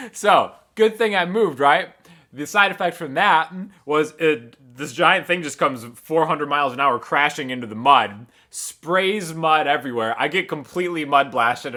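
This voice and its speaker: A man hosting a guitar channel, casually telling an animated story and chuckling often. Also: mid-range voice.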